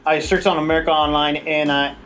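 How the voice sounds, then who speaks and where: Male host, forties, casual raconteur, swears, lively quoting voices. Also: fast talker, soft background music. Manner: animated, acts out quotes in a higher voice; swears freely, laughs while telling stories. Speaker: podcast host. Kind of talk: casual storytelling chat.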